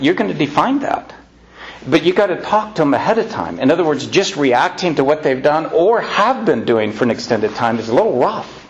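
A man's voice: medium pitch, vocal fry, slight background noise. A man giving informal parenting advice to an audience in a folksy way, acting out quoted lines as he goes. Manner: folksy, acts out quoted lines with shifting loudness. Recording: dull lo-fi recording.

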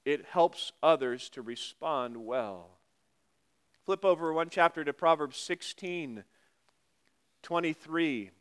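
Man, pastor, sermon, smooth clear voice, slightly high pitch, conversational with wry asides. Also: a bit bright. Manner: conversational, wry asides, quoting scripture slowly.

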